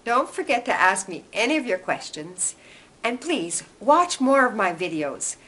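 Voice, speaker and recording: A woman hosting a reflective self-help vlog, telling a personal story in a gentle, earnest way. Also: a little high, big pitch swings, unhurried. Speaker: host.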